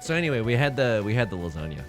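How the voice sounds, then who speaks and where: A streamer telling a story in casual, jokey chat, swinging between big highs and low mumbled asides. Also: big pitch swings, very fast, soft background music. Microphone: streaming microphone.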